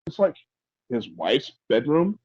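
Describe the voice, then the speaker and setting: A man hosting a podcast, chatting casually in a rambling, halting way with many restarts. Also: mid-range voice, very animated, darkish tone, slightly rough, dry recording, highs cut off. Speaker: podcast host. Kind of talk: casual opinionated chat.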